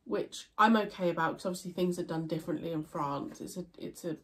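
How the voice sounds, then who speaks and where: A young woman with a fairly low, stuffy, nasal voice sounds congested as she chats casually, a little fast, answering viewer questions in a Q&A. She rambles, with many fillers and restarts.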